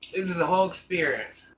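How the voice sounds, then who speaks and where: A woman's voice: on the low side, fairly bright tone. An older woman casually chatting with her viewers while she eats and savors her food on a live stream. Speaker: mukbang streamer. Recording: distant mic with faint background noise.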